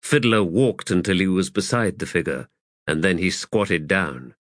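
A male narrator reads fantasy prose in a measured, unhurried voice. His pitch sits in the middle range. The recording is close and dry. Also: animated, no echo. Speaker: audiobook narrator.

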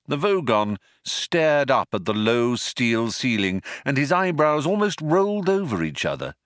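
Measured, lively-pitched male narrator. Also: no room sound, clean studio sound. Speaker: audiobook narrator. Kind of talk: scripted narration.

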